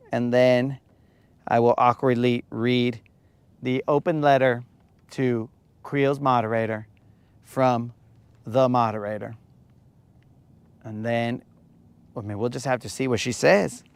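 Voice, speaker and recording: A man's voice: mid-range voice, steady tone, measured pace, long pauses, clear, resonant tone, dry recording. A man hosting a live fishing stream from a lake at night, chatting casually and joking with his viewers. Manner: joking, rambling, teasing viewers.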